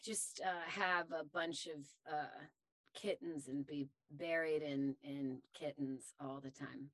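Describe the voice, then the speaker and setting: A woman's voice: low voice, fairly even intonation, slow pace, fairly bright tone, no room sound. A woman from Tennessee, a voiceover actress, talking casually as a podcast guest and rambling with many restarts. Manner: rambling, full of fillers and restarts. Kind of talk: casual conversational interview.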